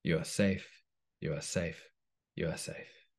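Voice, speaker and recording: A man voicing a calm, kindly auntie character in a children's storybook, speaking soothingly. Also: fairly low pitch, moderate pace, slightly rough. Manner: soothing, reassuring. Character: calm kindly auntie brain chemical, female. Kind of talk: storybook reading.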